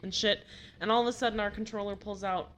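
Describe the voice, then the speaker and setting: Wry bright-voiced woman. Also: medium pitch, steady tone, fast talker, slight background noise. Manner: wry, swears casually. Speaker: guest. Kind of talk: casual chat.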